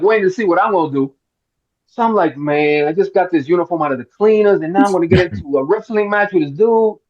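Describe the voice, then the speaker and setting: Man, middle-aged, from Miami, high-pitched, animated storyteller, acts out quotes, slightly muffled recording. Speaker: actor guest. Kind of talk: storytelling in a roundtable interview.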